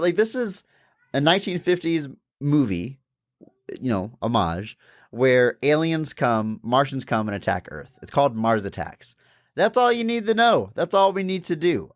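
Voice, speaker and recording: A medium-pitched male voice belongs to a podcast co-host who chats happily and informally about a film, breaking into laughter often. The studio recording is clean and echo-free.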